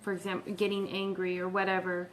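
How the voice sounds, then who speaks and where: A woman's voice: on the low side, monotone, fast, a little hiss or hum. A woman in her thirties, co-hosting with her husband, speaking in a frank and plainspoken way. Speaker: co-host, pastor's wife. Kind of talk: casual conversation.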